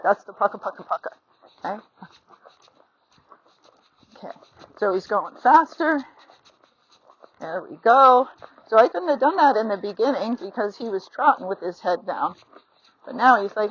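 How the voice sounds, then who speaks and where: A woman's voice: medium pitch, animated, moderate pace, pauses often, slight background noise. Chatty woman teaching from horseback. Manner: chatty and encouraging, acts out horse and rider thoughts. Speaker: horse riding instructor. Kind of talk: instructional riding lesson, talking while riding. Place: outdoors on horseback. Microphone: phone mounted on the rider. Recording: slightly dull lo-fi sound.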